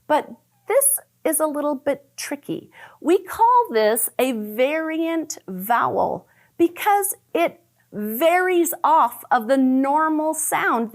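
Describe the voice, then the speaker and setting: A woman teaching a phonics lesson to young children, sounding out letter patterns slowly and praising often. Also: sits high. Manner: slow, exaggerated sounding out of letters; cheerful praise and questions to the listener. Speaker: first grade teacher.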